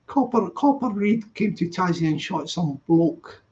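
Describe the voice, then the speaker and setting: A man's voice: high voice, lively intonation, measured pace, darkish tone. A man hosting a live stream, chatting casually and rambling as he reads out viewer comments. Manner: rambling, repeats himself, chatty. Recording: dull lo-fi stream audio.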